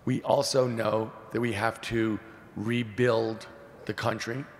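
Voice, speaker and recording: A man in his sixties, a presidential candidate answering questions at a forum in an earnest, measured way. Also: little pitch movement. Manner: earnest, measured, repeats key phrases. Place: large hall at a public forum. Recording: echoey hall, faint rumble.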